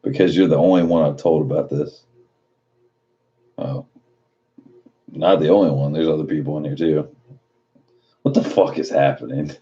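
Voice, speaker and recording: Very deep, dark-voiced man streaming late at night. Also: fairly even intonation, moderate pace, long pauses, highs cut off. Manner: loose, profane, reads chat messages aloud and riffs on them. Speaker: live streamer reading chat.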